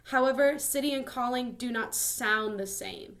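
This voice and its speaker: A woman's voice: fairly high pitch, a little fast, few pauses. A young woman teaching a casual lesson, explaining in a chatty way with many ums and likes.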